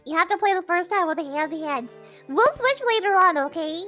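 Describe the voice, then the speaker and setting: A woman's voice: very high-pitched, lively intonation, a little fast, sharp tone, soft background music. A woman hosting a game stream, chatting casually, giggling often and explaining the story to her co-hosts. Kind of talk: casual chat.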